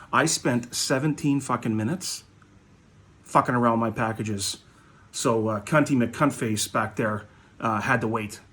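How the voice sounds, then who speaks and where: A man's voice: mid-range voice, a bit bright. A man who sells hockey cards, telling a profane, ranting story to his viewers. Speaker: hockey card seller. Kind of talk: casual ranting vlog.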